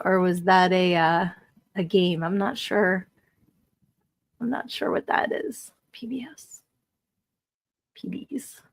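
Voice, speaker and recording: A woman in her forties hosting a live stream, chatting casually and reading out viewer comments in a talkative, animated way, with lots of "like" and frequent laughter. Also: on the low side, no room sound. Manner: chatty and animated, heavy use of "like", laughs often. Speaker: streaming podcast host.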